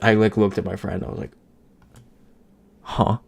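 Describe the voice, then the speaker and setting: A man's voice: on the low side, little pitch movement, very fast, vocal fry. A young American man chatting casually on a live stream, reading out chat messages as he plays. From United States.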